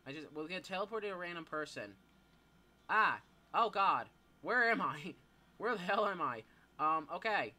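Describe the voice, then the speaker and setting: A teenage boy giving live gameplay commentary, excitable, yelping and swearing as things happen. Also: high voice, moderate pace. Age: teens. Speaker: gamer.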